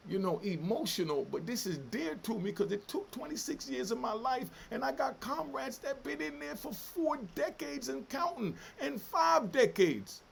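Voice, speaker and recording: A man's voice: very high-pitched, lively intonation, normal speed, creaky, few pauses, slight background noise. A middle-aged man hosting a commentary channel, delivering fiery, emotional, profane street talk in a heated solo rant.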